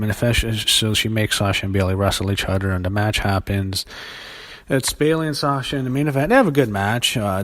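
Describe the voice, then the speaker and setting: A young man talks through a wrestling show in a loose solo review. His voice sits a little low, and he is blunt and profane, with frequent fillers and false starts.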